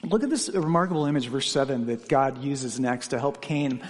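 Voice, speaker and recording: A pastor with a medium-pitched voice delivers a sermon at a normal pace, with a long reverb tail trailing his words. He earnestly poses questions to the congregation and shares personal stories from his own life.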